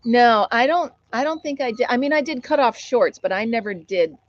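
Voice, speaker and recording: A woman's voice: a little high, lively intonation, moderate pace, dull audio. Giggly middle-aged woman hosting a live chat. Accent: American. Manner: giggly, laughs often while telling a story. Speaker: live stream host. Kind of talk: casual chat reading viewer comments.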